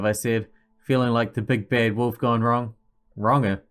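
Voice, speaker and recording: A man's voice: mid-range voice, little pitch movement, unhurried. A man hosting a gaming channel, reading an interactive story aloud with casual, jokey asides.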